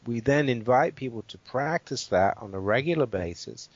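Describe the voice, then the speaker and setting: A man who is a guest expert, calmly walking through a guided exercise and checking in with the listener as he explains. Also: medium pitch, no room sound. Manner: measured and explanatory, checks in with "right?". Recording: dull, dry interview audio.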